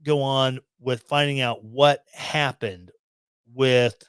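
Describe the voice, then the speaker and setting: A man's voice: mid-range voice, fairly even intonation, takes it slowly, a bit bright, clear, resonant tone, no room sound. A man hosting a podcast, commenting on the news in a rambling, self-deprecating way with sarcastic asides, into a studio microphone. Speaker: podcast host.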